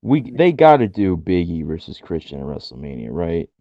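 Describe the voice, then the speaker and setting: A man's voice: deep voice, big pitch swings, moderate pace, no echo. Giggly young man on a dull dry mic. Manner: giggly, acts out quotes in silly voices. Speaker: podcast co-host. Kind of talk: casual chat.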